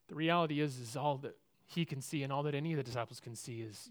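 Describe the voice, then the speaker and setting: A man preaching a sermon, telling a Bible story with big swings between loud and hushed, often repeating words and restarting sentences. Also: a little high, expressive, quick pace. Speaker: pastor.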